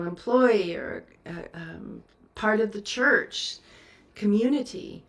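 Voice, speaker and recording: A woman's voice: medium pitch, far from the mic. A woman teacher answering a question at a meditation service, earnest and laughing easily. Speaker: spiritual teacher.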